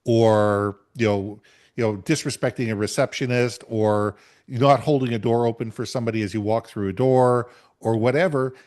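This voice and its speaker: A man's voice: medium pitch, fairly even intonation, moderate pace, darkish tone. Middle-aged man telling a story emphatically. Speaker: podcast co-host. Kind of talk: conversational storytelling.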